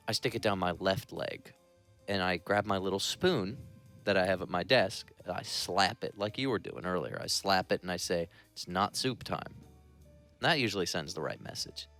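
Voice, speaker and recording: A man co-hosting a podcast in casual comedic banter, teasing and deadpan with absurd jokes. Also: sits low. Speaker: podcast co-host.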